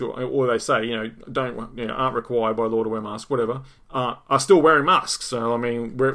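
An Australian man in middle age, speaking at an ordinary pitch as he hosts his own podcast. He tells a story in a loose, rambling monologue, swears freely and stumbles over repeated words as he goes. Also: fairly bright tone. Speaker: podcast host.

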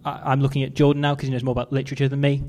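A man playing a proud but awkward Russian Eurovision rapper in a put-on Russian accent, speaking halting broken English and then rapping fast. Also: medium pitch, monotone, darkish tone, a little hiss or hum, close to an everyday voice. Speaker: comedian.

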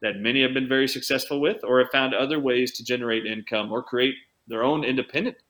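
Bright-voiced man telling a story. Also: mid-range voice. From United States. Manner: animated anecdote-teller, speeds up and slows down for emphasis. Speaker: chiropractor, interview guest. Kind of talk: conversational storytelling.

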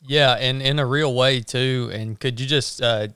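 A man hosting an interview, a former instructor, asking questions and reflecting in a measured way. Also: mid-range voice, fairly even intonation, sharp tone, smooth, no echo, clean studio sound.

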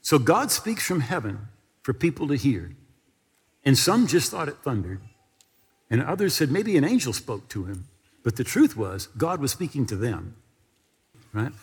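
A man's voice: mid-range voice, very animated, unhurried, long pauses, breathy edge, long reverb tail. A man preaching a television sermon, telling a personal story and leading viewers in prayer. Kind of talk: sermon with altar call.

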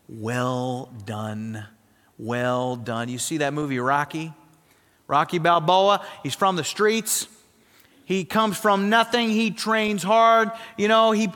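A man preaching a sermon as pastor, animated and emphatic, often throwing rhetorical questions at the congregation. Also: high voice. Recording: long reverb of a large hall.

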